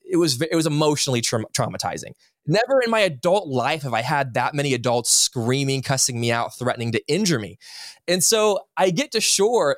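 A man in his thirties, a guest on a podcast, telling a personal story in an earnest, animated way and acting out what people said. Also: on the high side, dry recording, studio quality. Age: 30s. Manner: earnest, animated, acts out quotes. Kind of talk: candid interview storytelling.

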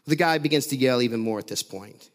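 A man's voice: mid-range voice, fast. A man preaching a sermon, telling a story with lots of laughs, fillers and restarts. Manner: animated, laughing often, many restarts and fillers.

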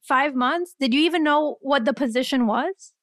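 A woman hosting a podcast interview in casual chat, enthusiastic and quick to gasp and laugh. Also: high voice, fairly bright tone, no room sound, clean studio sound. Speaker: podcast host.

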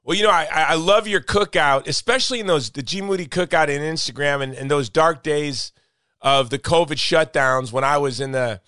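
A man's voice: fairly high pitch, brisk, pushed and bright, clean tone, no echo, studio quality. A man hosting a podcast in casual chat, speaking with passion and repeating points for emphasis. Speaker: podcast host.

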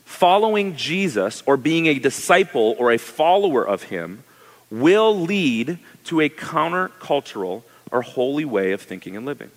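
A male pastor preaching a sermon in a conversational, animated way, asking his listeners questions. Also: fairly high pitch, normal speed, big-room sound.

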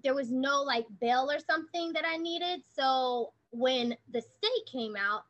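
A woman's voice: sits high, a little slow, fairly bright tone, highs cut off. A woman in her thirties, a guest telling her story in a rambling, chatty way with many fillers. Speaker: guest, online preschool owner. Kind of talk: casual interview chat.

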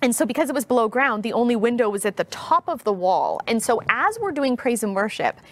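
A woman guest in her thirties, telling a personal story in an interview, earnest and heartfelt, speaking slowly and deliberately. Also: a little high, very animated.

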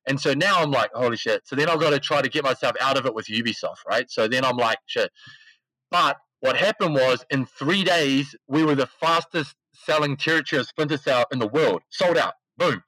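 An esports CEO, guest on a podcast, tells a story in loose, slangy talk, animatedly acting out the quotes. His mid-range voice moves a little fast. The recording is rough but has no echo.

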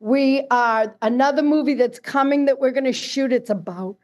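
Lively, chatty woman with a higher voice. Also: moderate pace, highs cut off. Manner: lively, chatty storyteller who laughs often. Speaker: guest, casting agency co-owner. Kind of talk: casual chat.

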